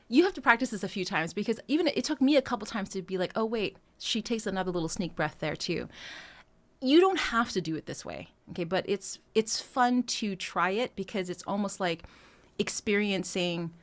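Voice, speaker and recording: A female vocal coach walks through a singing lesson, explaining phrasing step by step and breaking into sung demonstrations. Her medium-pitched voice has lively intonation at a moderate pace, and she stays conversational, with frequent fillers and restarts.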